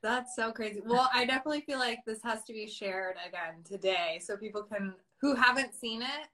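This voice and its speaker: A woman's voice: a little high, brisk, bright, forceful tone. A woman hosting a podcast, asking a guest questions in an enthusiastic, encouraging way. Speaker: podcast host. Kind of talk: casual interview.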